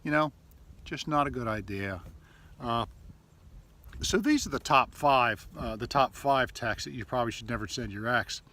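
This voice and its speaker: Bright-voiced male relationship coach. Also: medium pitch, animated, moderate pace. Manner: conversational, loose, with frequent fillers and acted-out text examples. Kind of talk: casual advice video to camera.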